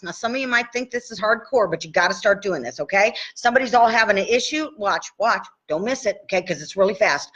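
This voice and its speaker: A woman's voice: medium pitch, fairly bright tone, slightly rough, muffled recording. A woman coaching tapping in a casual live stream, chatty and checking in with "okay?" after each point. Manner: chatty, says "okay?" often.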